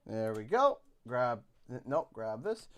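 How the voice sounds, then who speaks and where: A man's voice: mid-range voice, sing-song, slow. A man with a Canadian accent, casually commentating a live gaming stream and rambling to himself as he clicks through menus.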